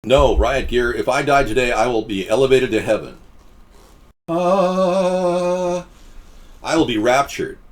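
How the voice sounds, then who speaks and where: A man's voice: mid-range voice, expressive, takes it slowly. A man hosting a casual live stream, rambling and answering chat comments with frequent restarts.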